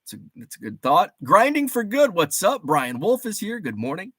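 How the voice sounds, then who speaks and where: A man's voice: high-pitched, wildly swooping pitch, moderate pace, pushed and bright, husky, dry recording, clean studio sound. A man hosting a casual livestream, rambling through a story and reading viewers' chat aloud with frequent laughs. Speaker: livestream host.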